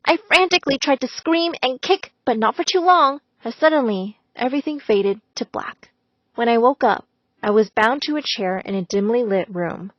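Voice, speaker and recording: A woman narrating a first-person story in a dramatic, expressive way. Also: on the high side, moderate pace, no room sound. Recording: slightly dull, dry recording.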